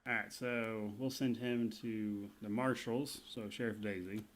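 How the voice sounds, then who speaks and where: A man giving casual let's-play commentary on a game, explaining choices in a relaxed way with plenty of ums and uhs. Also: fairly low pitch, measured pace, background noise. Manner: relaxed, explanatory, with many fillers. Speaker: gaming streamer.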